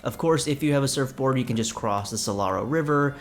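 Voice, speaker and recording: A man's voice: mid-range voice, brisk, slight background noise, natural voice. A man voicing a friendly, chatty local townsperson who welcomes a newcomer.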